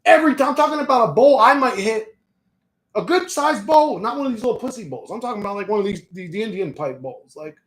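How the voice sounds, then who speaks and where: A man's voice: high-pitched, animated, fast, fairly bright tone. A man in his thirties rambling casually, tired and swearing freely, with frequent laughs. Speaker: vlogger. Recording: echoey room.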